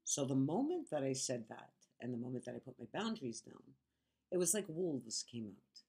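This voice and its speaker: A woman's voice: very deep voice, sing-song, moderate pace, warm tone, husky. A woman vlogger telling her story in a casual monologue, frank, sarcastic and emphatic.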